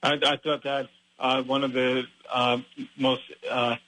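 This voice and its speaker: A male interviewer speaks in a bright, flat, level voice. He hesitates often, filling his questions with ums and uhs before getting to the point. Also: mid-range voice, measured pace, dry recording, rough recording. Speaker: interviewer and host.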